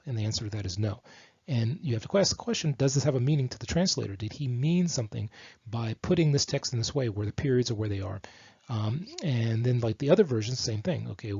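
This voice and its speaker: A man with a gravelly, husky voice talks through slides in a lecture, stopping often on fillers and restarting his sentences. The sound is dry and a little dull, like a lo-fi home recording. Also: medium pitch, warm tone, no echo. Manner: explains with many fillers and restarts. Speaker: teacher of Hebrew texts. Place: lives in Israel.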